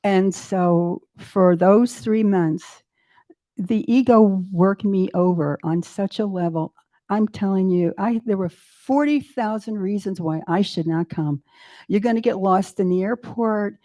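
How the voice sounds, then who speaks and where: Lively eighty-one-year-old woman telling a story. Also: medium pitch, takes it slowly. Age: 80s. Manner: animated, self-mocking, acts out her own inner voices. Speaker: interview guest. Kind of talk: storytelling in a casual interview. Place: retreat center in Mexico.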